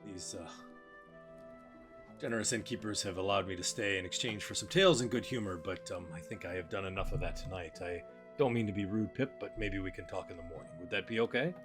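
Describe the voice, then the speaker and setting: A man voicing a flamboyant male showman, polite and courtly, weary after a long day, speaking in a low voice. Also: music in the background, lightly acted. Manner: polite and courtly, with many pauses.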